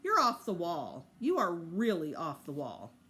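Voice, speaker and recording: A woman's voice: on the low side, huge pitch swings, a little slow, sharp tone, full character voice. A woman voicing a blunt, teasing older brother in a storybook read-aloud. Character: sarcastic older brother, a schoolboy.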